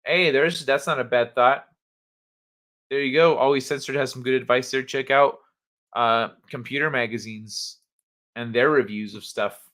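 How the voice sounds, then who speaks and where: A man's voice: mid-range voice, normal speed, a bit bright. A man hosting a casual livestream, chatting with viewers in a laid-back, hesitant way with many fillers. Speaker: livestream host.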